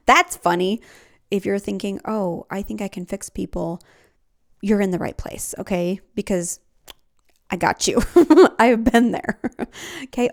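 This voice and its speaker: A woman's voice: mid-range voice, animated, takes it slowly, pauses often. A woman hosting a podcast, talking earnestly in a casual self-help style and laughing often. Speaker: podcast host.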